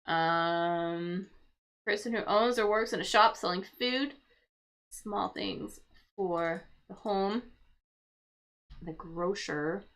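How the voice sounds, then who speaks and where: A woman's voice: mid-range voice, slow, pauses often, a bit bright. A woman hosting a casual crossword livestream for English learners, thinking aloud and explaining word meanings patiently.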